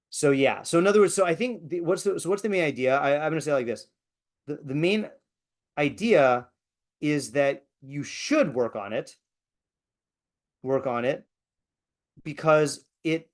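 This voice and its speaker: A man teaching a class as a rabbi, talking in a conversational way with many fillers and restarts. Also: medium pitch. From Eastern Washington, USA. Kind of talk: casual lecture.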